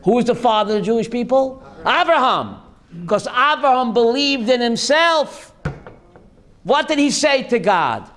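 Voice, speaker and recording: A man, a rabbi, giving a lively Torah class, calling on listeners by name and slipping in Yiddish and Hebrew words. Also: very high voice, normal speed. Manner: lively, addresses listeners by name, jokey asides; mixes Yiddish and Hebrew terms. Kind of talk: animated Torah class to a live group.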